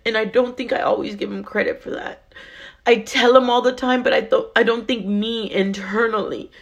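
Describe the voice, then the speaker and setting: A woman's voice: a little high, fairly even intonation, moderate pace. A woman, telling a personal story in a casual, candid way and swearing freely. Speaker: vlogger.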